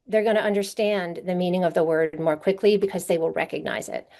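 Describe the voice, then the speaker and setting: A woman's voice: fairly low pitch, fairly even intonation, brisk, creaky, darkish tone. A woman presenting a literacy workshop to teachers, explaining patiently and often checking in with a rhetorical question. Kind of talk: conference teaching session.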